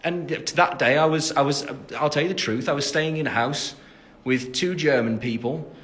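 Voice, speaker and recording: A man's voice: on the high side, normal speed, fairly bright tone. A man in his twenties from England, chatting casually on a phone livestream while answering fan comments, rambling with lots of fillers and joking at his own expense. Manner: jokey, laughing at himself.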